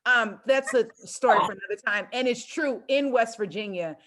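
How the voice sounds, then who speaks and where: A woman hosting a storytelling show, chatting casually with a guest over a video call and reacting in a friendly, relaxed way. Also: fairly high pitch, moderate pace. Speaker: host. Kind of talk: casual chat.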